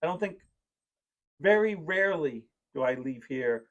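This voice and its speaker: A man's voice: fairly high pitch, expressive, measured pace. Rambling, heartfelt man hosting a podcast. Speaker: podcast host; parent. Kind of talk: casual chat.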